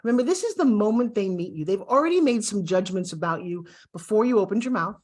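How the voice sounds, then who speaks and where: A woman from the United States teaching an online lesson straight to the viewer, lively and coaching, often acting out little exchanges. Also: medium pitch, fast talker. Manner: animated, acts out little quoted exchanges. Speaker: course instructor. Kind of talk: direct-to-camera online lesson.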